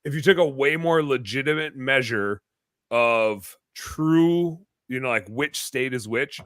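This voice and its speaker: A man hosting a podcast in casual chat, cracking deadpan teasing jokes. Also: medium pitch, measured pace, no room sound. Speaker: podcast host.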